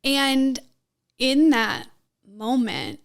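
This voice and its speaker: Woman, podcast guest: slow, higher-pitched voice, emotional storytelling with laughs. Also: very animated, creaky. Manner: emotional, laughs often, many fillers. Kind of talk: personal storytelling interview.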